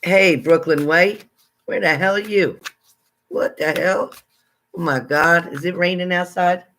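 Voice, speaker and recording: Bright, chatty man greeting livestream viewers. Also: high voice, fairly even intonation, unhurried. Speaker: livestream psychic reader. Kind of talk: casual live chat with viewers.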